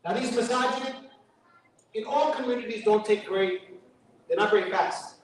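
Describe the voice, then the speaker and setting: A high-pitched man with a New York accent, speaking at normal speed, preaches conversationally as a guest at a mosque fundraiser, joking and quoting Arabic. The recording is distant and echoey from the hall, with a little hiss or hum.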